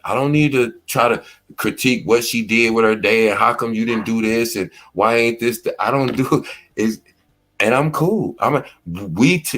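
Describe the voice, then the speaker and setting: Laid-back man, low voice, AAVE. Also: a bit bright. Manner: laid-back storytelling, acts out quoted lines. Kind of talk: casual commentary talk.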